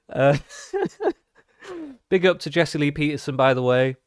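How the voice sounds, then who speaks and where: A man's voice: fairly high pitch, huge pitch swings, slow, no echo. Male streamer, profane reactive ranter, dry closeup sound. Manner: profane, ranting, mocking. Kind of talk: live reaction stream commentary.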